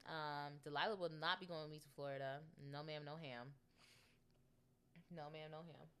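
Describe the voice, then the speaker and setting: A woman's voice: low-pitched, steady tone, moderate pace, a bit bright, smooth. A woman in her twenties hosting a podcast, chatting casually and rambling with many ums. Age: 20s. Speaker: podcast host. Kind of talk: casual solo podcast chat.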